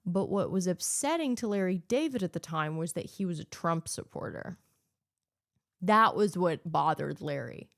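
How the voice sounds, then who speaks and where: A woman's voice: on the low side, lively intonation, moderate pace, gravelly, dry recording, studio quality. A woman hosting her own podcast, ranting solo in a sarcastic, profane, opinionated way. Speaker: podcast host.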